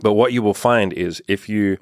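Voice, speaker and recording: A man with a very low voice delivers dating advice in a loose, unscripted monologue. He talks bluntly, swears often and keeps dropping "like" between phrases. The sound is close and dry, with no room around it. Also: normal speed, dry recording. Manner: blunt, profane, lots of "like" fillers. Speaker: dating coach.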